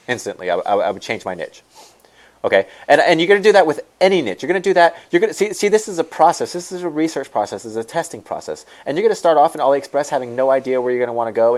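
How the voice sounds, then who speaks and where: Fast-talking man with a low voice. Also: darkish tone. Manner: rambling, repeats words, talks to viewers. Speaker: online store coach. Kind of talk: screen-share tutorial.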